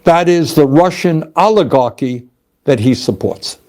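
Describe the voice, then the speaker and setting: A man's voice: fairly high pitch, lively intonation, measured pace, a little mellow. An older man giving a formal, emphatic political speech.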